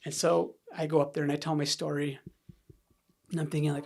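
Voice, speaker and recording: A man with a fairly high, gravelly voice tells his own story in a podcast conversation. He rambles, restarts and keeps checking in with the listener, and his voice sometimes sinks almost to a whisper. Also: level tone, a little fast, long pauses, soft background music. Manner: rambling, frequent "right?" and restarts, drops to near-whisper when reliving moments. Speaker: podcast guest. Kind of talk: candid personal storytelling in conversation.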